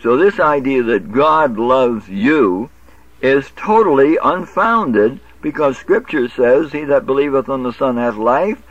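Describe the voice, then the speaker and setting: A man's voice: medium pitch, lively intonation, a little slow, dry recording. A man giving a Bible teaching lecture, reading verses aloud and explaining them in an instructive way. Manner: instructive, quotes scripture and corrects himself. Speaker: preacher. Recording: dull lo-fi audio.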